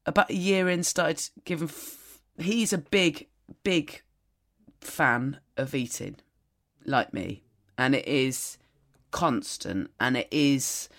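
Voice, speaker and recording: Brief: woman, 30s, podcast co-host, dry deadpan storyteller. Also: sits low, slow. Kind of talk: casual chat.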